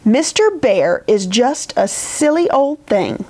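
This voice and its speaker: A woman's voice: on the high side, very animated, slow, warm tone, heavily acted. A woman voicing a cheeky, boastful young male teddy bear in a storybook, with a brash, scoffing manner.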